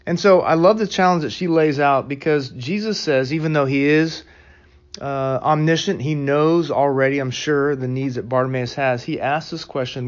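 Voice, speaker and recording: A man's voice: fairly high pitch, fairly even intonation, moderate pace, highs cut off. A man hosting a devotional podcast, speaking earnestly and pastorally to listeners he calls friends, reflecting on a message and praying. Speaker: podcast host.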